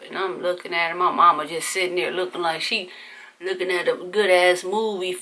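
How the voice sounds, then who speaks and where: Bright-voiced woman telling a candid story. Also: on the low side, fairly even intonation, brisk. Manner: candid, profane, conversational. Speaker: vlogger.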